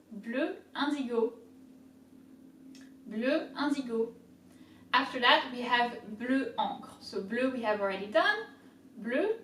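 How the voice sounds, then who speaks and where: Slow, careful woman teaching pronunciation. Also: a little high, a bit bright, distant mic. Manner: slow, careful syllable-by-syllable drilling. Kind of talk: casual video lesson. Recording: echoey room, a bit off mic.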